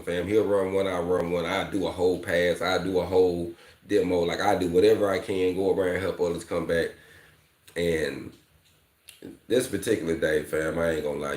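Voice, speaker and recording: Deep-voiced candid man, slangy vlog talk. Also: darkish tone, echoey room. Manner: candid, repeats "fam" and "you know", slangy. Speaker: welding instructor. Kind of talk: casual vlog talk to viewers.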